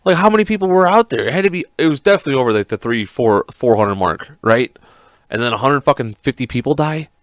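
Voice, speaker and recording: A man hosting a podcast alone, ranting in a casual, profane, rambling and excitable way. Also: medium pitch, quick pace, no room sound, studio quality. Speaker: podcast host.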